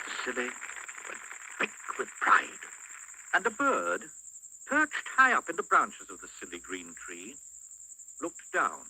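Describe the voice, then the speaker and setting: A man narrating a children's storybook with a highly expressive, swooping delivery. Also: a little slow, long pauses, breathy edge, rough recording. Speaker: audiobook narrator.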